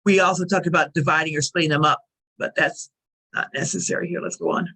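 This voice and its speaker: Slow, careful woman teaching English. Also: lowish voice, fairly even intonation, gravelly, pushed and bright, breathy edge, rough recording. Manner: slow, careful, enunciates each number. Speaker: ESL teacher. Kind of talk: recorded lesson recap.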